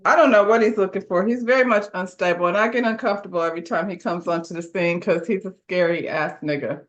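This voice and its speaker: On a lo-fi recording, a woman with a lowish voice speaks quickly. She's a podcast co-host reviewing a TV episode, recapping it with slang and laughter while acting out what the characters say.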